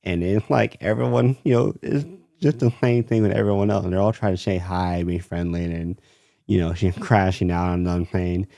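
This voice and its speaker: A man's voice: lowish voice, normal speed, gravelly, dark tone, dry recording, studio quality. A young man casually telling a story from his retail job, rambling with many fillers.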